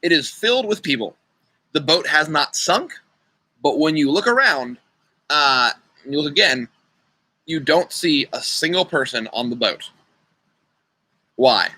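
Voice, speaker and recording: Bright-voiced young man hosting riddles. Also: fairly high pitch, animated, a little slow, long pauses, dry recording, low-quality recording. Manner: chatty, playful, talks to kids by name. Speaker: youth group leader. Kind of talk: casual online riddle game. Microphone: computer mic on a video call.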